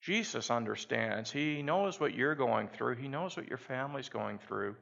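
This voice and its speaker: A male pastor delivers an emphatic sermon and calls his congregation to repeat after him. His voice is gravelly and sits at a middle pitch. The sound is dull and lo-fi. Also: animated, normal speed, fairly bright tone.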